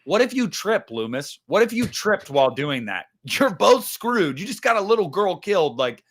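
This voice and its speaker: A man hosting a casual movie discussion, animated and swearing freely, acting out scenes. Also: high-pitched, moderate pace. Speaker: podcast host.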